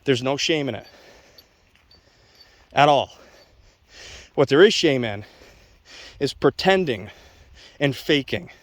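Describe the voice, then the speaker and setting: A man speaking to camera outdoors as a dog trainer, blunt and opinionated in a casual vlog way. He talks straight to his viewers at an everyday pitch. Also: lively intonation, slow pace, pauses often, dry recording.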